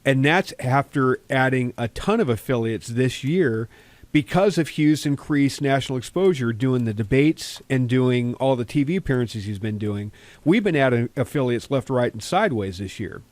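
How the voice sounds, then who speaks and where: A man's voice: mid-range voice, animated, moderate pace, no room sound. A man working in talk radio, bantering and telling stories in a casual chat. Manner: storytelling, acts out quoted voices, bantering.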